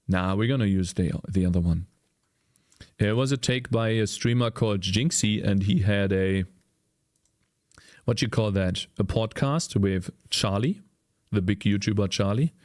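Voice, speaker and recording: A man with a German accent and a fairly low voice, chatting loosely with viewers as he works. He rambles and often stops to search for the right English word. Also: a little mellow. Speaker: streamer and indie game developer. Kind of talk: casual live-stream chat while coding.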